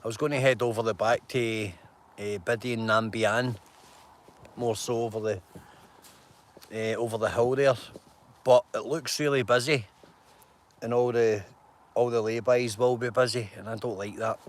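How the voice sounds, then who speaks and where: A man's voice: medium pitch, fairly even intonation, moderate pace, pauses often. A man, hosting a casual live stream and greeting viewers by name in a rambling, chatty way, outdoors in a mountain glen on a phone.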